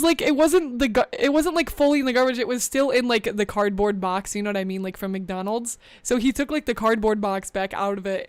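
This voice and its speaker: A young woman hosts her live stream in a relaxed, rambling way, reading the chat aloud and laughing often. Her voice is smooth and clear, and it sounds a little out of breath. The sound is close and dry, with no room echo. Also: mid-range voice. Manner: chatty, scattered, reads chat aloud. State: a bit out of breath. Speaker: VTuber streamer.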